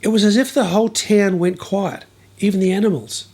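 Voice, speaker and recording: A man's voice: high-pitched, fairly even intonation, a little fast, darkish tone, breathy edge. A man telling a bible story in a humorous style, with wry, playful asides.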